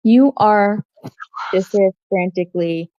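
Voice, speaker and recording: A woman's voice: mid-range voice, unhurried, warm tone, no echo, highs cut off. A woman narrating as game master of a tabletop game, in a thoughtful, hedging way.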